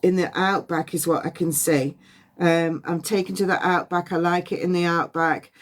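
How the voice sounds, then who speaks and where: A woman giving a past-life psychic reading on a phone livestream, halting and repeating words as impressions come to her. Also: fairly low pitch, steady tone. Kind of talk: livestream reading and guided release.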